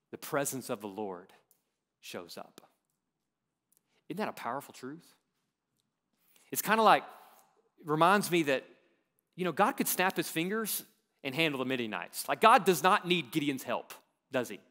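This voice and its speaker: Man preaching with big swings in loudness. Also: a little high. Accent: Texan. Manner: dynamic, swings from loud emphatic questions to quiet drawn-out endings. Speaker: pastor. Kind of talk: sermon. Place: church.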